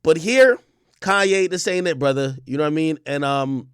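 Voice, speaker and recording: A man's voice: on the high side, moderate pace, clear, resonant tone, no echo, studio quality. A man hosting a casual commentary livestream, talking bluntly and emphatically, with plenty of swearing and repetition. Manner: blunt, profane, emphatic, repeats himself. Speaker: livestream host.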